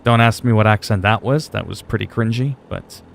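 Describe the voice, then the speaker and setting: Low-voiced chatty male game streamer. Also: brisk, creaky, slight background noise. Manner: chatty and wry, answers chat, mild cursing. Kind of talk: casual live gameplay commentary.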